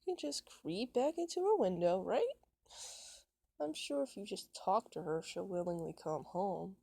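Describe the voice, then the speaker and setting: A cocky young male prankster, as a woman puts him on, taunting in a high, sneering voice. The fan story reading has a gravelly, dark tone and a dry, close sound. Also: fairly even intonation, slow, no echo, exaggerated voice. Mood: mocking.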